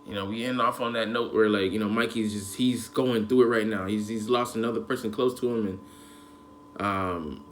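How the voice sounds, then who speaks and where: A man's voice: on the low side, steady tone, normal speed, a bit bright, a little hiss or hum. A man giving a casual, emotional anime episode review, rambling in heavy slang with lots of fillers. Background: faint background music.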